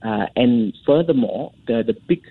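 A man's voice: medium pitch, animated, a little slow, breathy edge, dry recording. A man, an economist guest, answering a radio interview question with many restarts and fillers. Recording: muffled phone line.

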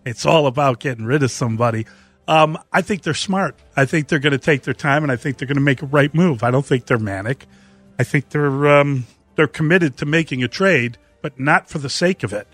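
A man hosting a sports talk discussion in a chatty, animated way. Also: medium pitch, brisk, faint music behind.

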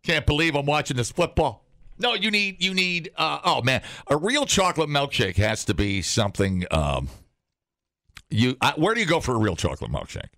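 Gravelly, wildly animated man co-host. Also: fairly high pitch, moderate pace, dry recording, clean studio sound. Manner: animated, swings into loud outbursts, laughs often. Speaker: radio show co-host. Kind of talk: casual morning show banter.

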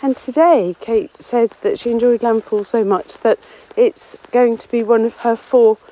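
Walking through trees on a windy common, a local author who contributes to a podcast keeps a casual audio diary, slightly breathless, rambling and poking fun at herself. Her voice sits on the high side, warm, at a measured pace with fairly even intonation. It's a rough recording made on a phone or portable recorder with no headphones.

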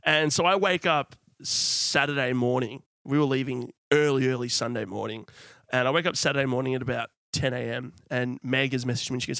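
A man's voice: mid-range voice, steady tone, a little fast, creaky, bright, forceful tone, dry recording, studio quality. A young Australian man co-hosting a casual chat, telling a self-mocking story. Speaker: podcast co-host.

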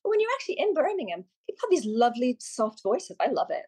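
A woman's voice: fairly high pitch, fast talker, slightly rough. A middle-aged Irish woman, chatting as a guest and giving media coaching tips. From Ireland. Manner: animated, chatty, many restarts and quoted asides. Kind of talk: casual podcast chat.

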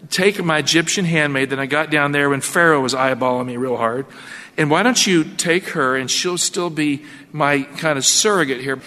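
A man's voice: fairly high pitch, bright, forceful tone, big-room sound. A man doing a coaxing, scheming older wife. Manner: coaxing, conspiratorial.

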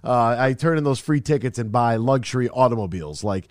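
A man on a casual radio chat, telling lively stories and acting out both sides of conversations. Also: medium pitch, brisk, no room sound, clean studio sound. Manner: lively storyteller, acts out exchanges.

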